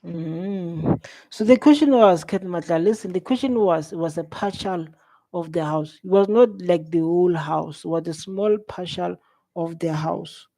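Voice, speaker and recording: A man's voice: high-pitched, measured pace, creaky, dark tone. A South African man hosting a live reaction video, exclaiming and scolding with a lot of repetition.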